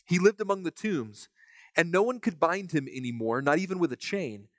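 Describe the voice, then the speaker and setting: A man teaching from the Bible in a relaxed, conversational way, reading passages aloud and stopping to comment on them, often repeating a word as he starts a phrase. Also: a little high, moderate pace, no room sound. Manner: casual, repeats words when starting phrases; reads scripture aloud between comments. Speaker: preacher.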